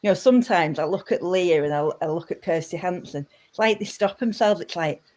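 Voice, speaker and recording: A woman's voice: on the low side, brisk. A woman speaking as a podcast guest, casual and emphatic. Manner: animated, emphatic. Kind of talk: casual chat.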